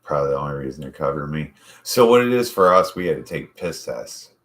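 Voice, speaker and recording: A man's voice: very deep voice, lively intonation, fast talker, fairly bright tone. A man hosting a casual chat show, telling profane, rambling stories from his life. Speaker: podcast host.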